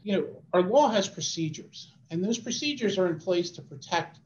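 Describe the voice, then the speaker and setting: A man, an attorney, giving a formal oral argument in court, measured and often restarting his phrases. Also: sits high, lively intonation, a little mellow, echoey room, lo-fi sound. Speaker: attorney arguing an appeal.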